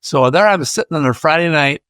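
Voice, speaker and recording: A man's voice: fairly high pitch, animated, quick pace, a bit bright, no echo. An older man from Iowa, a podcast guest, chatting through a rambling personal story and acting out the voices of people he quotes.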